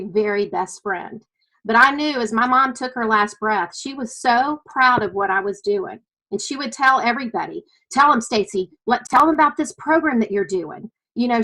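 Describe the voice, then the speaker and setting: Sharing her story as a weight-loss client, a middle-aged woman with a Southern US accent from the American South speaks earnestly and emotionally about her journey. Her voice is a little high, bright, and forceful, and the audio is poor.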